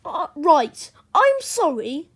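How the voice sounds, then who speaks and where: A woman's voice: sits high, big pitch swings, very slow, pitched above the performer's own voice, exaggerated voice. A woman reading a storybook aloud, voicing a sly, mischievous young boy who pleads theatrically. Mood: fake-sorry.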